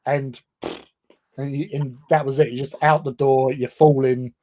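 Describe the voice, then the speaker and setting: A man's voice: medium pitch, little pitch movement, unhurried, crowd noise. An English man telling a long, self-deprecating story in casual chat on a livestream, often laughing. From England. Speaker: livestream co-host.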